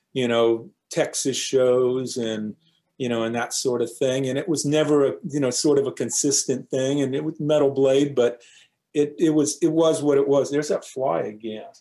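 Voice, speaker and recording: A man's voice: medium pitch, a little mellow. A man in his fifties, a guest musician, talking casually and rambling with lots of filler phrases. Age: 50s. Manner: rambling, leans on 'you know' fillers. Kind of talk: casual interview chat.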